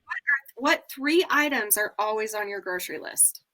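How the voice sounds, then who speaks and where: A woman's voice: a little high, expressive, normal speed, heavy background noise. A woman co-hosting a podcast, joking and reacting in casual chat. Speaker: podcast co-host.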